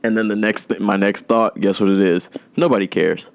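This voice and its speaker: A young man hosting a podcast, talking in a loose, rambling way, swearing a lot and making dark jokes. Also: fairly low pitch, flat delivery, fairly quick, clean tone. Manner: rambling, profane, darkly joking, drawn out. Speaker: podcast host. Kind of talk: casual rambling monologue.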